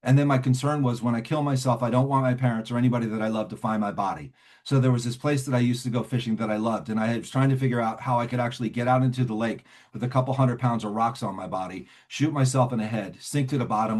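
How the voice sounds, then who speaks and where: A man's voice: mid-range voice, fast, a little mellow. A middle-aged man, sharing his personal recovery story with a live meeting in a blunt, slangy way. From New Jersey. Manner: blunt, slangy storyteller who acts out his past self.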